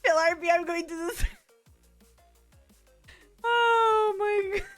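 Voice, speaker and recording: A woman with a high voice streams a roleplay game and keeps laughing hard through tears. She drawls her words slowly between bursts of laughter. Faint music plays behind her. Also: a bit bright.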